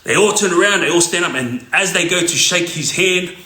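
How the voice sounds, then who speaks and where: A man's voice: sits high, brisk, sharp tone, reverberant. A man telling a crime story casually, streetwise, often checking in with "yeah?". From Australia. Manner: streetwise, repeats "yeah?" to listener.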